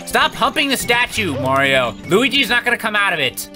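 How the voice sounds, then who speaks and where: Man hosting a gameplay video, frantic energy, shouts at the game, voice swinging high and low, game music underneath. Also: big pitch swings, brisk. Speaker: host. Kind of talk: gameplay commentary.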